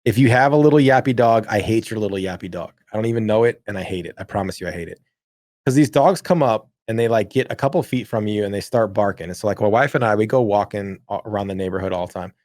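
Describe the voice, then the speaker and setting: A man's voice: lowish voice, fast talker, darkish tone, no echo. A man co-hosting a podcast in casual chat, ranting with exaggerated complaints. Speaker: podcast co-host.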